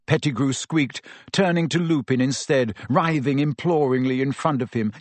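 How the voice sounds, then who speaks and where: A man reading a story aloud as narrator, in an expressive and dramatic style. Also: mid-range voice, normal speed, few pauses, dry recording. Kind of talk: audiobook narration.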